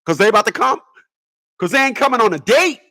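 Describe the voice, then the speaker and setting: A man's voice: extremely high pitch, very animated, quick pace, noisy background. A man ranting in a rambling comedic monologue, stammering and repeating words as he goes. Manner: stammers and repeats words, laughs at own jokes. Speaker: vlogger.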